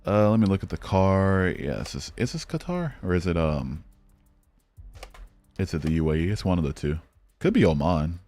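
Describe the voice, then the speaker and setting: Soft music plays behind this low-voiced streamer from Michigan, whose tone is darkish and whose normal-speed speech breaks into frequent pauses. Hosting a live stream of a geography game, he swears, speaks bluntly, and muses aloud full of fillers.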